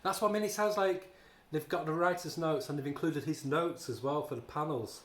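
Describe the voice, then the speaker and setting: A man's voice: a little high, brisk, slight background noise. Sarcastic man ranting, echoey room. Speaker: comic book reviewer. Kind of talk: casual spoken review.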